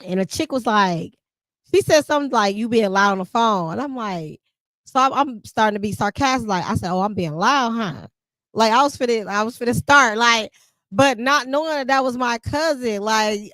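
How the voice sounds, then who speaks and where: Animated woman podcast host, dry close sound. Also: on the high side, normal speed, no echo. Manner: animated, emphatic, laughs often, speaks in vernacular. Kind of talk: casual conversational chat.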